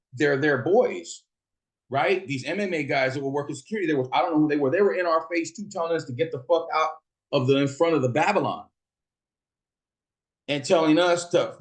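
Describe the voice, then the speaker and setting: In a fairly high-pitched voice, a middle-aged guy from Fresno, California, spins a casual, foul-mouthed story about his own life, doing voices for the people in it.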